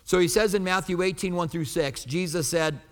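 A male pastor preaches in an emphatic, conversational style, walking listeners through scripture. His voice sits a little high for a man. The sound carries the long reverb of a big hall. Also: fairly quick. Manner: emphatic, conversational Bible teaching. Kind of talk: sermon.

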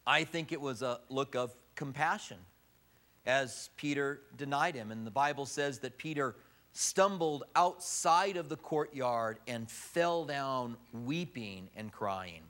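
A middle-aged male pastor preaching a sermon, telling the story with big swings from loud, high emphasis to quiet, low delivery. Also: lively intonation, slow pace.

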